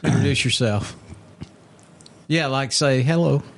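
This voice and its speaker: A man with a drawl hosts a relaxed podcast from a small studio. He talks in an ordinary mid-range voice, ribbing his guests and joking as he goes. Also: medium pitch, unhurried, vocal fry. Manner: joking, teasing. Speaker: podcast host. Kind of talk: casual chat.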